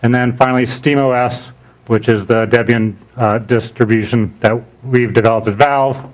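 A man giving a conference talk in a conference room. His pitch sits at a mid level for a man. He speaks in a relaxed way, often pausing on "uh" and starting phrases over. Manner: relaxed, with frequent "uh" fillers and restarts.

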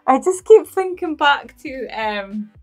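A woman's voice: high-pitched, expressive, slow, soft background music. A young woman from Scotland hosting a movie reaction video, chatting casually and rambling while she keeps breaking into giggles. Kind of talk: casual post-movie chat.

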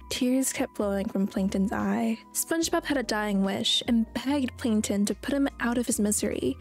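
A woman's voice: a little high, moderate pace, gravelly, few pauses, darkish tone. Young woman narrating a horror comic. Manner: casual, chatty asides with slang. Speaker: YouTube narrator. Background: faint background music.

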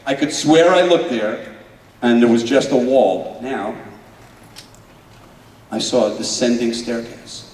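A man playing an Israeli paratrooper telling a moving battle memory in a dramatic first-person monologue, earnest and swinging between loud urgency and hushed emotion. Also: mid-range voice, a little hiss or hum, close to an everyday voice. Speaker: stage performer. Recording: echoey hall from far off.

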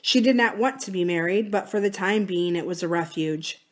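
A woman, a library book reader, narrating a novel aloud calmly and steadily. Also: on the low side, moderate pace.

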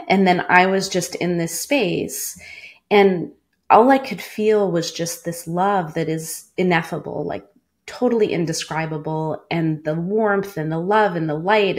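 A woman in her forties, a former cancer doctor, earnestly telling a personal story in an interview, with many "like" fillers. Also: fairly low pitch.

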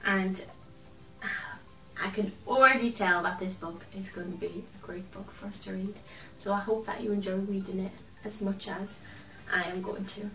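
A woman reading a picture book aloud to children, gentle and expressive, chatting now and then to a toy companion. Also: medium pitch, normal speed, recorded from a distance, faint music behind. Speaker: children's storyteller. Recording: roomy echo, from off the mic.

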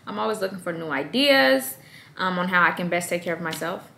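A woman in her thirties giving self-care advice to moms in a lively, conversational vlog. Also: fairly low pitch, brisk, creaky. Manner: lively and conversational, acts out quoted voices. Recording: echoey room.

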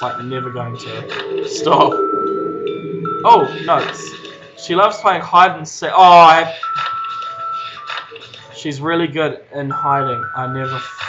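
A young man in casual commentary while playing a horror game late at night at home, laughing, swearing and yelping when startled. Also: mid-range voice. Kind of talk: casual let's-play commentary. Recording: dull lo-fi game recording with loud game music.

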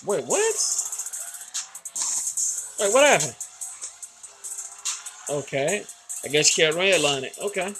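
A man's voice: a little high, very animated, slow pace, long pauses, over music. Hyped, boastful man gaming. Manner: boastful, hyped, swearing, addresses viewers as ladies and gentlemen. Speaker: gaming channel host. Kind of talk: let's-play commentary.

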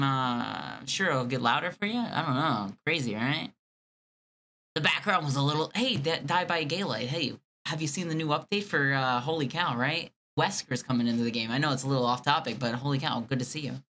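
A man chatting casually to his live stream audience, excitable and joking. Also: on the high side, normal speed, slight background noise. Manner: excitable, joking asides to chat.

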